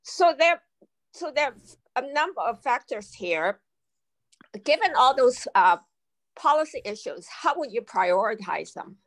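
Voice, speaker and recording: A woman's voice: high-pitched, very animated, unhurried, a bit bright. A woman interviewer on a video call, asking a candidate a question in an emphatic way.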